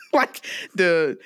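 A woman from the US South co-hosts a podcast movie review with a lively voice that swings up and down. She laughs a lot and drops Southern slang into a casual chat. The recording is dry and close. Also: lowish voice, dry recording. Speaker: podcast co-host.

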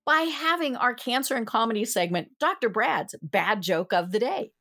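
A woman's voice: fairly high pitch, expressive, normal speed, a bit bright. A woman reading a scripted segment introduction for a podcast. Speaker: segment announcer. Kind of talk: scripted announcement.

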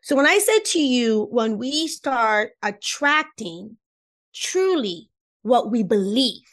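A woman whose first language is Spanish, a relationship coach explaining ideas in an interview, lively and emphatic, repeating points and laughing often. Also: on the high side, takes it slowly. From Cuba. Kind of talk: animated explanatory interview talk.

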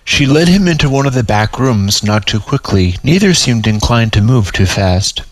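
A man reads his own story aloud at an ordinary mid pitch, in plain, steady narration. The recording is close-miked and completely dry. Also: moderate pace, no room sound, poor audio. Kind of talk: audiobook narration.

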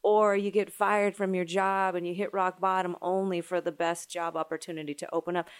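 A woman with a slightly low voice talks openly and reflectively in relaxed conversation. She laughs easily and keeps a conversational tone. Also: a little fast, smooth. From small town. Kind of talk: casual chat.

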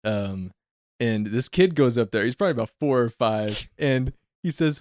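A man's voice: medium pitch, normal speed, no room sound. Young guy rambling thru a con story on a podcast, voice all over the place, dry close sound. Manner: animated, rambling anecdotes with frequent laughs. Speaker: podcast co-host. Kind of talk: casual storytelling chat.

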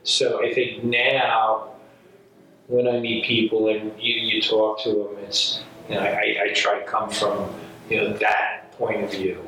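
A New York man who works as an actor chats casually, rambling through animated stories and acting out quotes. His voice is fairly low and measured, picked up off mic in an echoey room with faint ambience.

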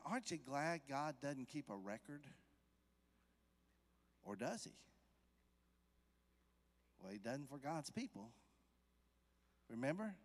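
A man preaching in a church, his voice a touch higher than most men's, with sound that hangs and rings in the hall. He talks to the congregation like a conversation and asks them questions. At times he builds to loud, emphatic peaks. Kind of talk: sermon. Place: church sanctuary.

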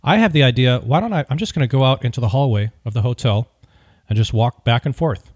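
A man tells a story in a wry, opinionated way and keeps it lively. His voice is mid-pitched, and the recording is close and dry with no room sound. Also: fast, no room sound. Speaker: podcast host. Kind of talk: casual storytelling.

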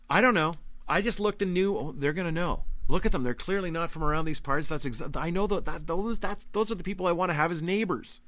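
A man from Canada, hosting a podcast, telling a personal story in a casual, animated way, laughing often and acting out the voices he quotes. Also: sits high, rough recording. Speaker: podcast host. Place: lakeside cottage.

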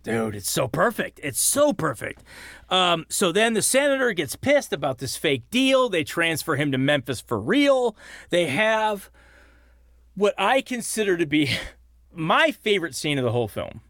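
A man in his forties hosts a casual film podcast. His fairly high voice swoops up and down as he retells scenes with mounting excitement. The sound is close and dry. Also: unhurried, gravelly, no echo. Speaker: podcast co-host.

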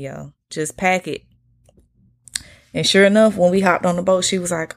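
A woman's voice: lowish voice, normal speed, creaky, long pauses. A young woman with an Atlanta Southern accent, hosting a podcast and telling travel stories in a candid, slangy way with plenty of swearing. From United States. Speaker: podcast host. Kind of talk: casual solo podcast storytelling.

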